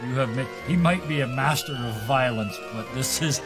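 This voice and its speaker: A man running a tabletop game as game master, narrating loosely and breaking into laughter often. He speaks at a middling pitch, with music clearly audible behind him. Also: normal speed.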